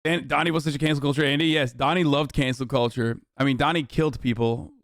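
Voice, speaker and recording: A man's voice: medium pitch, fairly even intonation, fast, no room sound, clean studio sound. A man streaming a heated reaction rant, swearing freely and mocking his critics with sarcasm. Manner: profane, sarcastic, exasperated. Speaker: streamer reacting to clips and chat.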